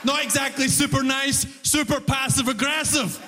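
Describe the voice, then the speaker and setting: A man doing a stand-up routine on a club stage, telling a story in an animated way and acting out the people in it. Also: very high-pitched, normal speed, background noise. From immigrant to Canada. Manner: animated storytelling, acts out characters. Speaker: stand-up comedian. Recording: live venue reverb, faint crowd ambience.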